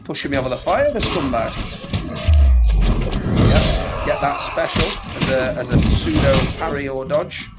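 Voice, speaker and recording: A man's voice: mid-range voice, measured pace, long pauses. A man from England doing chatty, wry gameplay commentary and reading game text aloud. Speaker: let's play host. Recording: music behind.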